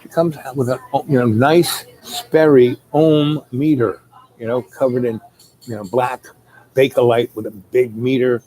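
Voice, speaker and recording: A man's voice: mid-range voice, fairly even intonation, measured pace, mellow, poor audio. A man telling a long rambling story, full of fillers, who acts out the people he quotes. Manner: meandering, many fillers, acts out quoted voices.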